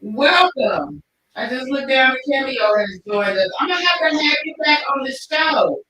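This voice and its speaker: Bright-voiced woman hosting in an echoey room. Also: high-pitched, fairly quick. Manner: animated, expressive storytelling. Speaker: talk show host. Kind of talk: livestream casual chat. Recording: echoey room, distant mic.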